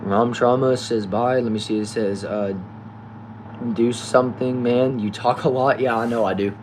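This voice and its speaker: A man with a Texan accent reading viewer comments aloud quickly on a casual livestream from a back shed, answering each with a short reply. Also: medium pitch, fairly even intonation. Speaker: livestream host reading chat. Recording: noisy background hum.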